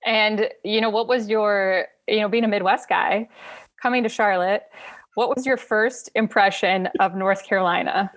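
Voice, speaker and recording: A woman from Wisconsin hosting a relaxed interview at a middle pitch. She chats casually, backs up her guest often and asks open questions. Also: normal speed. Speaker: interview host.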